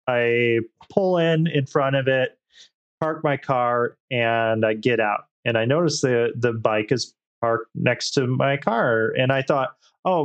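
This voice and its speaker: A young man on a podcast, casually telling a profane, animated story and acting out the other people in it. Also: mid-range voice, muffled recording. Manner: profane, animated storyteller doing quoted voices. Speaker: podcast co-host.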